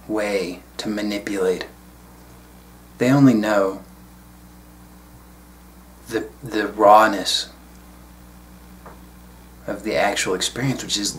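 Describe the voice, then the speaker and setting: Male spiritual teacher, lowish voice, reflective unhurried solo talk, faint hum behind. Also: a bit bright. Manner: reflective, unhurried, casual asides.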